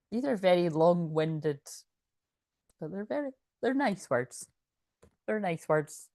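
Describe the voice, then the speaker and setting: A woman's voice: lowish voice, animated, takes it slowly, pauses often, a little mellow, no room sound, studio quality. A woman doing a casual, chatty tarot reading, often laughing as she reads card messages aloud. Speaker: tarot reader.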